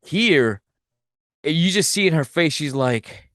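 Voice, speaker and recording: A man hosting a podcast, retelling a film's plot in a loose, profane, animated way and acting out the characters' lines. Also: fairly high pitch, slow, dry recording, clean studio sound. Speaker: podcast host. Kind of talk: casual movie recap.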